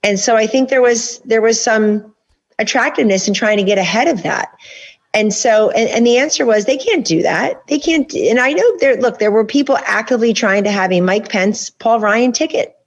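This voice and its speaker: A woman's voice: fairly high pitch, muffled recording. A woman guest author in a political interview, making her points in long, insistent runs.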